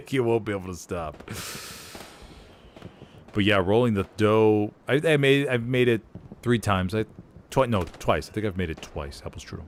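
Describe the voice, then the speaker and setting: A man casting a live game, chatting casually in rambling, relaxed asides. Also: lowish voice, normal speed, slight background noise. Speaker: game caster. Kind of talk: casual chat during live game commentary.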